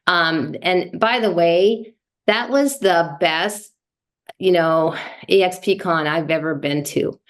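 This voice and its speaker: A woman's voice: lowish voice, slow. A woman sharing thoughts in a team meeting, chatty and rambling, with many fillers. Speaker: meeting participant. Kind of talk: casual chat.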